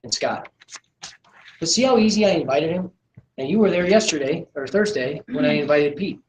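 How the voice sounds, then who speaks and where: A man's voice: on the high side, animated, normal speed, a little hiss or hum. Confident man coaching a roomful. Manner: confident, assertive, acts out dialogue. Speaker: sales trainer. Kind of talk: live training talk to a small group. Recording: echoey room recording.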